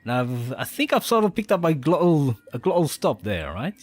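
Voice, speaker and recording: Guy streaming a game, mixed spanish-aussie accent, lively up and down voice, faint music behind. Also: on the high side, moderate pace, slightly rough. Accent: mixed Spanish-Australian. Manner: rambling, chuckles often. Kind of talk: casual live-stream chat.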